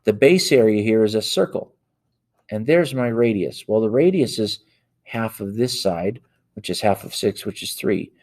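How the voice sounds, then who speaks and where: This is a worked-example math lesson led by a man whose voice is lowish, darkish, and expressive, at a normal speed. He narrates each step while entering figures on a calculator, fixing slips as he goes.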